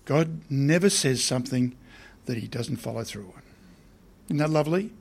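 A man's voice: medium pitch, animated, moderate pace, vocal fry, darkish tone, husky. A man preaching a sermon in a conversational way, often putting questions to his listeners.

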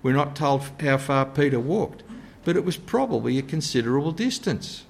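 A man preaching a sermon in an earnest way, sometimes dropping to a soft, low voice to stress a point. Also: expressive, normal speed, vocal fry, slightly rough.

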